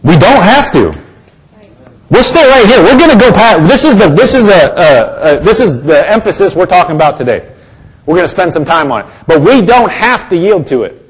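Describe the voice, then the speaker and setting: A man delivers a sermon in a church with a slightly high voice. He presses his points through repetition and has the congregation answer back. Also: very animated, normal speed, breathy edge. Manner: emphatic and repetitive, calls for congregation responses. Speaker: pastor.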